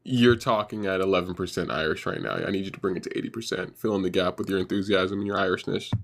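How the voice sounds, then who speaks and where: A man's voice: low-pitched, fast, gravelly. A man hosting a live stream who chats casually, pushes and teases, and stammers through his points. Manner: pushy, stammering, teasing.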